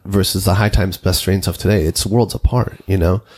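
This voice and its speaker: A man's voice: low-pitched, fairly even intonation, brisk, darkish tone, slightly rough. A man hosting a casual conversation, telling a rambling, anecdotal story. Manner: rambling, anecdotal, many fillers.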